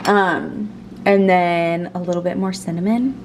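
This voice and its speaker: A young woman chats through her morning in a home kitchen, rambling and hedging with lots of fillers. The recording has a clear layer of background noise. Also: lowish voice, steady tone, measured pace. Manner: chatty, rambling, filler-heavy. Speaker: vlogger. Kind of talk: casual kitchen vlog chat.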